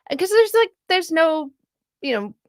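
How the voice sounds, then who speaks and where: A woman's voice: very high-pitched, sing-song, normal speed, no room sound, studio quality. A woman from Canada, chatting animatedly in a casual political discussion, laughing often and mimicking the people she talks about. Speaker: political commentator.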